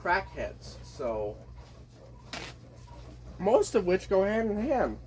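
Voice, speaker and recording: A man from the desert Southwest of the US rants to camera in a blunt, rambling monologue that is often profane. His voice sits a bit higher than most men's, with a faint hiss of noise under it. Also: wildly swooping pitch, slow pace. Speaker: vlogger. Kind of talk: casual monologue rant.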